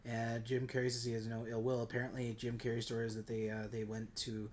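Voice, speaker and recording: A man's voice: medium pitch, completely flat delivery, fast talker, a little mellow. A man co-hosting a casual movie review podcast, rambling and searching for his words. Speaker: podcast co-host.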